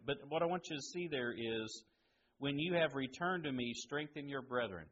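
A man's voice: medium pitch, moderate pace, lo-fi sound, slight background noise. Man preaching with rhetorical questions. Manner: rhetorical questions, swings between loud emphasis and hushed lines. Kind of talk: sermon.

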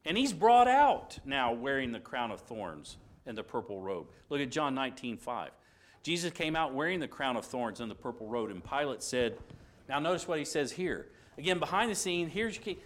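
A man's voice: medium pitch, big pitch swings, moderate pace. Man teaching a dramatic Bible lesson. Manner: dramatic retelling with sudden loud and hushed passages; conversational, with restarts and asides.

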